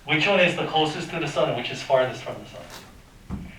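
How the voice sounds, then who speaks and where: Man, math teacher, informal classroom lecture, quizzes students, higher voice, heard from far off in an echoey room. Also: moderate pace, pushed and bright. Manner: informal, quizzes students, makes sound effects. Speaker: high school math teacher.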